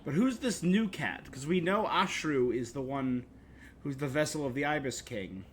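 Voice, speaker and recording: A man's voice: fairly high pitch, animated, moderate pace, slight background noise. A male streamer giving casual commentary on a game during a live stream, with dry, joking asides.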